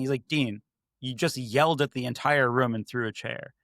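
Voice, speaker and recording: A man, a podcast guest, telling stories in a casual, animated way and acting out his own past remarks. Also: medium pitch, brisk, dry recording, studio quality. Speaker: podcast guest, IT services manager.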